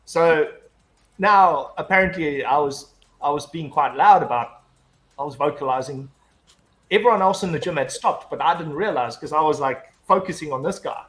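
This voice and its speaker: A man's voice: a little high, normal speed, fairly bright tone. A man in casual chat, telling a long anecdote full of swearing and restarts. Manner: rambling storyteller, heavy swearing, frequent restarts. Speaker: guest.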